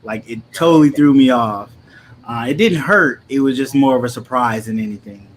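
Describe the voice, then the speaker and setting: Co-host, man, medium pitch, calm plain delivery, light background hiss. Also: moderate pace. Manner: calm, matter-of-fact telling. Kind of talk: casual live chat.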